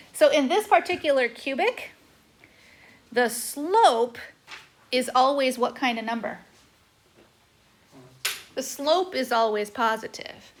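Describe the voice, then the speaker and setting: Woman teacher walking thru calculus on a tablet whiteboard, kinda high voice, says okay a lot, little bit of hiss. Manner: chatty, says "okay" often. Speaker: math teacher. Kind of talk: recorded whiteboard lecture. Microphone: tablet microphone.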